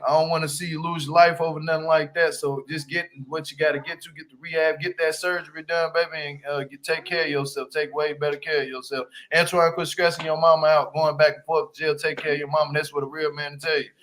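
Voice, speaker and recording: A man hosting a casual livestream review of a reality show, animated and slangy, laughing and talking straight to his viewers. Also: fairly high pitch, fast talker, hardly any pauses, rough recording. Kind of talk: casual commentary.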